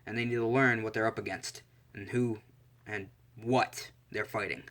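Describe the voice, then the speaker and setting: A man's voice: fairly low pitch, fairly even intonation, normal speed, fairly bright tone. A man voicing a guarded, blunt adult male hero who teaches a class. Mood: wary.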